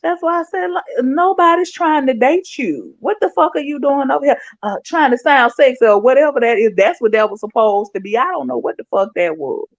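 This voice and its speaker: A woman's voice: high-pitched, animated, fairly quick, hardly any pauses, no echo, lo-fi sound. A woman co-hosting a livestream who mocks and scolds a caller in a profane, casual way.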